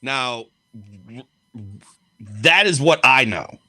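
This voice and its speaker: A man's voice: medium pitch, lively intonation, takes it slowly, pushed and bright, no echo, soft background music. A man co-hosting a podcast, telling blunt, profanity-laced stories in casual chat. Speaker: podcast co-host and wrestler.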